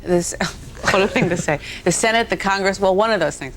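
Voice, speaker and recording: A woman's voice: medium pitch, brisk, a little hiss or hum. A woman in her forties, a guest actress on a talk show, telling rambling anecdotes with self-deprecating laughs.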